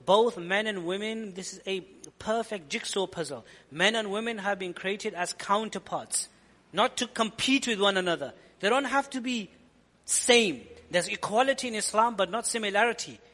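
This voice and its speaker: A man's voice: sits high, normal speed, fairly bright tone, in a large hall. A man giving an earnest, explanatory sermon-style lecture as a preacher, often repeating phrases for emphasis. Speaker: Islamic preacher.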